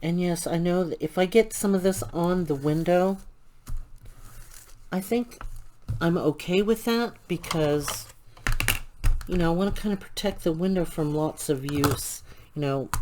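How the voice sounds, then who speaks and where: A woman hosting a crafting channel, telling an indignant, animated story about a customer service complaint while she works on a craft. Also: low voice, measured pace, long pauses, a little hiss or hum.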